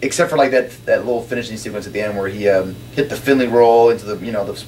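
A man chatting casually as a podcast co-host, excitable and full of restarts while reviewing a show. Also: on the low side, far from the mic. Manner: fast, excitable, lots of fillers and restarts. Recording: roomy, off-mic, light background noise.

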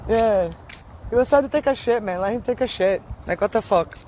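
A woman's voice: a little high, fairly quick, warm tone, a little hiss or hum. A woman vlogging in a casual, rambling monologue, profane and offhand, laughing often as she talks outdoors on a street.

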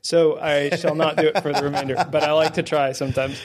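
Speaking close to the mic, a guest co-host on a faith podcast talks casually, friendly and quick to poke fun at himself, filling his speech with fillers. His pitch sits fairly high with little movement, and he talks briskly.

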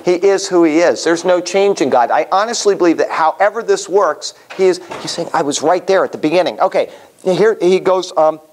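A man's voice: sits high, a little fast, slight background noise. A man leading a Bible study class in a conversational way, asking the class questions as he teaches. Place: room with a small class.

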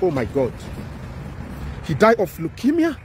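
A man's voice: sits high, wildly swooping pitch, unhurried, a little hiss or hum. A man with a Nigerian accent giving impassioned commentary, emphatic and repetitive, pleading with his listener. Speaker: social commentator.

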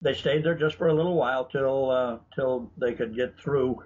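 This is a guest author and researcher being interviewed, his voice medium in pitch, husky and a little mellow, at a normal speed. He chats casually through stories and anecdotes, restarting often. The recording is dull lo-fi broadcast audio carrying faint noise.

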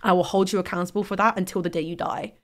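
Fast-talking young woman, candid and heated. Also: fairly low pitch, fairly even intonation. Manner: candid, heated, swears freely. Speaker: streamer host. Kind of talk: casual chat.

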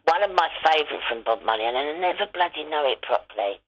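A woman's voice: sits low, expressive, quick pace. A woman chatting on a phone line, blunt and teasing in an easygoing way. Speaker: phone-in chat host. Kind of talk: casual phone chat. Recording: dull muffled phone line.

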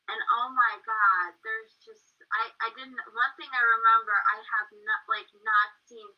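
A woman's voice: on the high side, animated, unhurried. Chatty, rambling woman in a group talk; distant, muffled audio. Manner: rambling, full of "like". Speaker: group participant. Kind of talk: casual group discussion.

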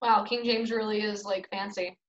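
A young woman leading a casual Bible study, reading verses and explaining them in a chatty, animated way full of "like" fillers. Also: mid-range voice, moderate pace, slight background noise. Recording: echoey room, dull lo-fi sound.

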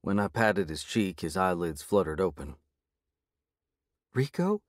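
Deep-voiced male audiobook narrator. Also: moderate pace, no room sound, clean studio sound. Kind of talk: first-person audiobook narration.

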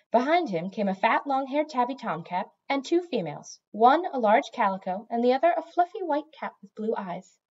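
A woman narrating a fantasy novel with a lively, rising and falling delivery. Her reading is expressive and engaged. The recording sounds slightly dull and lo-fi. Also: fairly high pitch. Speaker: audiobook reader. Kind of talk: storybook narration.

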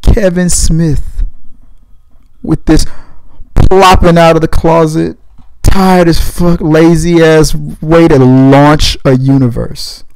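A man's voice: a little high, little pitch movement, slow, a little mellow, no room sound, poor audio. A young man hosting a casual movie commentary podcast from home, rambling and profane in a laid-back way. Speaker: podcast host.

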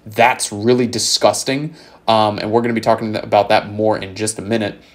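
A young man with a somewhat low voice talks through a card game deck in a loose, hyped way. He jokes and swears freely while he explains it. He is recorded on a desk mic in a room at home. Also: level tone, a little fast. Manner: hype, profane, joking. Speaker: card game content creator. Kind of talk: casual deck breakdown.

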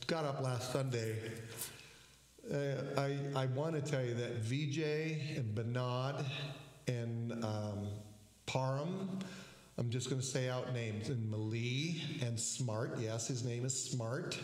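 A man preaching as a pastor, telling a story in a slow, halting way with many fillers and restarts. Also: mid-range voice, a little mellow. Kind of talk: sermon storytelling. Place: church sanctuary. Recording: echoey church hall.

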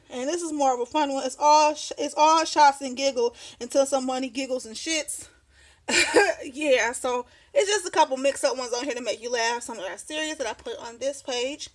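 A woman in her thirties chatting casually through a craft show-and-tell at her home desk, rambling, laughing often and sounding slightly out of breath. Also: sits high. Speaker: craft vlogger.

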